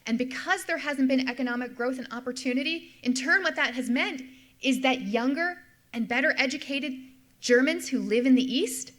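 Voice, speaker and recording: A middle-aged woman who teaches history lectures with slides in a high, slightly bright voice at a moderate pace. She explains her material and repeats key points for emphasis.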